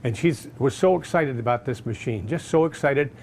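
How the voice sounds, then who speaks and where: A man telling a personal story casually, animated and acting out other people's voices. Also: mid-range voice, normal speed, gravelly, a little hiss or hum. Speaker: customer giving a testimonial.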